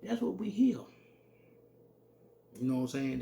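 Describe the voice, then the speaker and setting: A man with a gravelly, mellow voice teaches scripture in a blunt, salty way. He reads verses slowly and then breaks into plain commentary. Faint noise sits under the recording. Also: mid-range voice, big pitch swings. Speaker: religious teacher.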